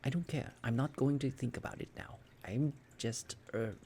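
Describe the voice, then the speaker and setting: A man's voice: mid-range voice, moderate pace, darkish tone, a little hiss or hum, voice pushed up, natural voice. A man voicing a squeamish, easily horrified man with prim, aghast protests.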